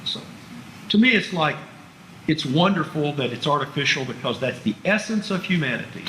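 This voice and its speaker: A man's voice: on the high side, expressive, normal speed, sharp tone, slight background noise. A man giving a public lecture to an audience, chatty and wry, with asides thrown to the listeners. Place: museum lecture room. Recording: roomy hall sound.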